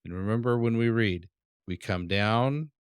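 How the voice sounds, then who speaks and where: Man, teacher; low, unhurried voice, patient repetition of words, dry close recording. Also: clean tone, dry recording. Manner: patient, repeats words slowly. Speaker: Hebrew teacher. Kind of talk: classroom lesson.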